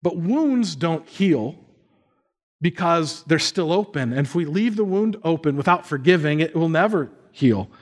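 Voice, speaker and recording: A man's voice: a little high, lively intonation, measured pace. Conversational male pastor preaching. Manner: conversational, asks the audience questions. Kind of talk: sermon.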